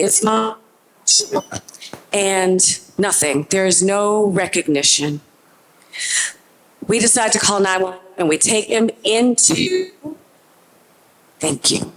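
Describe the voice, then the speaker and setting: A middle-aged woman telling a personal story on stage into a handheld microphone, vivid and earnest, slowing into tense pauses. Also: medium pitch.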